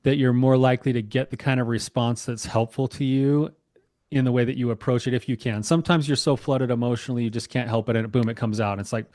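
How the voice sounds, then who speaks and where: A man speaking as a couples therapist in a podcast interview, calmly explaining with examples. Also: mid-range voice, fast talker, no echo, studio quality. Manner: calm, explanatory, gives examples.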